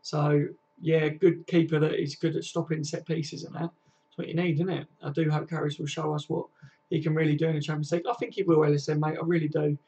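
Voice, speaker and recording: A man's voice: fairly high pitch, little pitch movement, fairly quick, warm tone. Chatty young-sounding football fan man. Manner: chatty and slangy, calls viewers mate and lads. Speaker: football fan channel host. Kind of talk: casual live-stream chat reading viewer comments.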